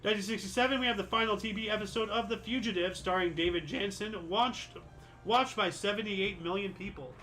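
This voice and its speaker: A man with a high, sharp, fairly quick voice hosts a history show, reading through dates casually and adding sarcastic asides. He corrects himself as he goes, and his voice is a bit dry and cracks. Faint music plays behind him, and the recording is rough.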